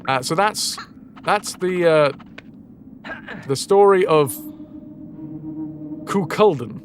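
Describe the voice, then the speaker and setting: A man's voice: fairly high pitch, takes it slowly, soft background music. A man streaming a game and casually retelling a legend, rambling, swearing and correcting himself as he goes. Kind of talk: casual storytelling while gaming.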